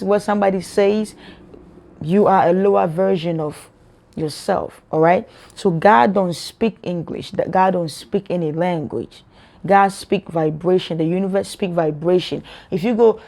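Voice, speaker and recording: A woman's voice: medium pitch, darkish tone. A woman giving a casual spiritual monologue to camera, preaching to her viewers and asking them rhetorical questions. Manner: informal, addresses viewers as y'all. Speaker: spiritual vlogger.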